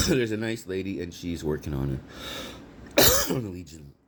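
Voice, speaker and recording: A man's voice: low voice, wildly swooping pitch, slow pace, noisy background. A man rambling angrily and profanely in a monologue vlog, outdoors. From Canada. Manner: angry, profane ranting. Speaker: vlogger.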